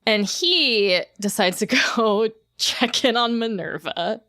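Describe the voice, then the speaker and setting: Giggly high-voiced woman podcast co-host. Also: expressive, bright, forceful tone. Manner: giggly, acts out characters' lines in quick bursts. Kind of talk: casual chat recapping a film.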